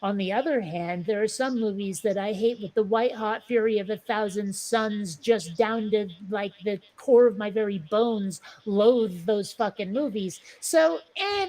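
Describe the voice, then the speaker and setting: Woman, slightly higher voice, blunt casual panelist, opinionated. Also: moderate pace, few pauses, darkish tone, low-quality recording. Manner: blunt, opinionated, swears for emphasis. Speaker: podcast panelist. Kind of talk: casual chat.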